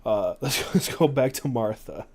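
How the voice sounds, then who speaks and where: Male podcast host, mid-pitched, reads passages aloud and breaks off for loose asides. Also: expressive, measured pace, darkish tone. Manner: reads passages aloud, doing the quoted voices, with fillers and asides. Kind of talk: reading aloud from books.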